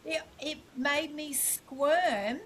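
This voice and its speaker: A woman's voice: high voice, takes it slowly, poor audio. A woman in her sixties telling a personal story on a podcast, acting out quoted dialogue with animation. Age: 60s. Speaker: guest. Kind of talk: casual podcast conversation.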